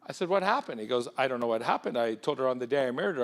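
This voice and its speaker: Animated man giving a business keynote. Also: on the high side, quick pace, hardly any pauses. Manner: punchy, animated, addresses audience members directly. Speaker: keynote speaker. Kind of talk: motivational business keynote with storytelling. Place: conference hall.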